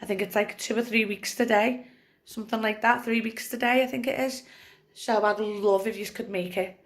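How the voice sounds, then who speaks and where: A woman's voice: on the high side, fairly even intonation, moderate pace. A young woman, talking to her phone camera in a personal vlog, rambling with many fillers and crying while she laughs. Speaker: vlogger.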